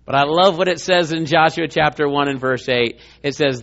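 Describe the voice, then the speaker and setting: A male preacher giving an animated, emphatic sermon, acting out scenes. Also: a little high, moderate pace, gravelly, hardly any pauses. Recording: muffled lo-fi sound.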